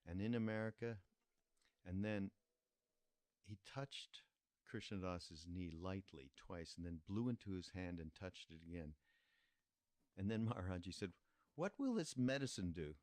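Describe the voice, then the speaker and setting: An older man hosting a podcast, telling a story in a reflective, meandering way with pauses and restarts. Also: low-pitched, a little mellow, dry recording. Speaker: podcast host. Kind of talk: casual spoken storytelling.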